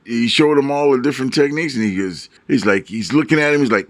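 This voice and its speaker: A man co-hosting a podcast in casual chat, animated and quick to laugh, acting out what he describes. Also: medium pitch, dry recording. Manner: animated, laughs often, acts out moves. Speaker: podcast co-host.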